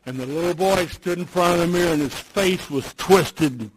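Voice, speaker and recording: A man giving a personal storytelling speech at a recovery meeting, dropping to near-whispers and then building loud. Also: high voice, normal speed, a little hiss or hum, low-quality recording. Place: meeting room with audience.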